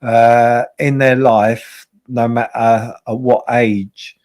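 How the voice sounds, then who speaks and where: A man's voice: mid-range voice, level tone, slow, a little mellow. Blunt, profane male livestream host. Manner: blunt, profane, repeats himself. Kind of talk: casual livestream chat.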